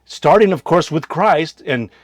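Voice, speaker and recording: A man, a missionary and show host, preaching in a casual monologue, firing rhetorical questions and swinging between loud bursts and quiet asides. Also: a little high, expressive, a little slow, dry recording. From United States.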